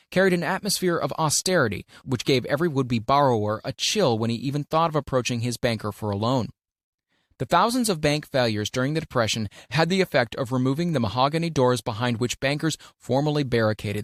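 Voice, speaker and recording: A man reading an audiobook aloud in a measured, deliberate way, leaning hard on key words. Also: medium pitch, no echo, studio quality. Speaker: audiobook narrator. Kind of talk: scripted audiobook narration of a self-help classic.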